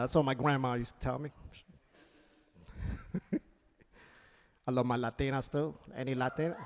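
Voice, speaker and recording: A man doing a stand-up comedy set with a punchy, animated delivery. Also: fairly high pitch, long reverb tail. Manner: animated, punchy delivery with silly acted-out voices. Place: comedy club stage.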